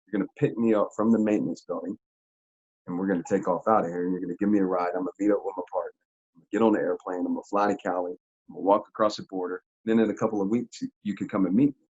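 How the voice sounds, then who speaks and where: A man telling a story in an interview, in a casual, animated, slangy way with frequent laughs. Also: low-pitched, quick pace, breathy edge, highs cut off. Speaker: interview guest.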